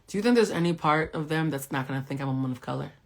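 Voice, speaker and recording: A sassy woman, host and cultural critic, recaps pop culture while speaking right to her viewers, rapid-fire and with a steady tone. She alternates between loud exclamations and a soft, low voice.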